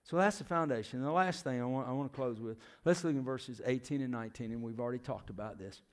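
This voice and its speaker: This middle-aged man, formerly a youth minister and missionary, talks fast in a medium-pitched voice as he preaches. He keeps questioning the congregation, often lowering his voice almost to a whisper.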